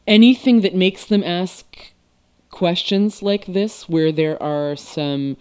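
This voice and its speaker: A woman hosting a podcast interview, enthusiastic and quick to laugh as she gushes over her guest's work. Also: on the low side, darkish tone, smooth. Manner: enthusiastic, giggly, gushing. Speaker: podcast host. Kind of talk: casual interview chat.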